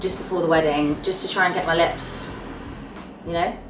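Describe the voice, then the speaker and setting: A woman's voice: on the low side, fairly even intonation, normal speed, far from the mic, background noise. A young woman chatting to camera about her monthly favourites, gushing and trailing off at the ends of phrases. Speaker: beauty vlogger. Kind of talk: casual chat to camera. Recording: roomy sound, slightly off mic, faint music.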